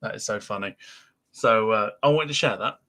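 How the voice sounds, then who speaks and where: A man's voice: fairly low pitch, normal speed. Giggly British man hosting a live podcast. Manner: laughs a lot, giggly and animated. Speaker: podcast host. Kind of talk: casual live-stream chat.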